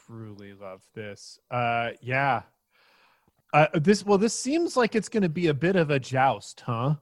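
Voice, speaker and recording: A man's voice: medium pitch, very animated, a little slow, no room sound, clean studio sound. A young man serving as game master, narrating and often laughing.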